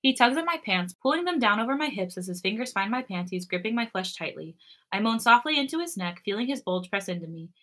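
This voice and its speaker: Bright-voiced woman reading fan fiction. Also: mid-range voice, quick pace. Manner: expressive reading, breaks into giggles. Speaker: podcast co-host.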